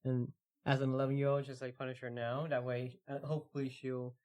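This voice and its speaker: Easygoing man reading stories aloud. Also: medium pitch. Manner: relaxed, filler-heavy, reads stories slowly. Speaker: podcast co-host.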